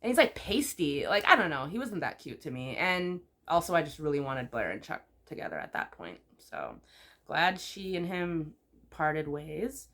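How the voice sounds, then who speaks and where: Female vlogger, lowish voice, casual and opinionated, expressive bursts. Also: normal speed. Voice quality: expressive with sudden high exclamations. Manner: chatty and opinionated, lots of "like" fillers. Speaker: YouTuber. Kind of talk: casual chat, rating TV couples.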